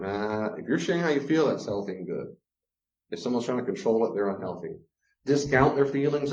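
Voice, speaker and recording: A man giving a teaching talk on relationships. He is animated and acts out the voices he quotes. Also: medium pitch, fairly quick. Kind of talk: lecture-style teaching. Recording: roomy, slightly dull sound.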